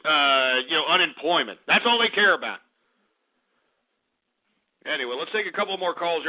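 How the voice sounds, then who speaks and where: A man hosting a call-in radio show, ranting angrily and cursing as he takes calls. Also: on the high side. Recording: narrow phone-like lo-fi radio.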